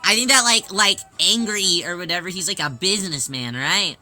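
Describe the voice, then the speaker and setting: Woman streamer, casual chat; very bright, sharp voice pitched on the low side; playful, repetitive bursts. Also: faint music behind. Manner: playful and excitable, repeats phrases in rapid bursts; rambling, with frequent restarts and fillers. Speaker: live streamer chatting with viewers. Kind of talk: casual live-stream chat while sewing.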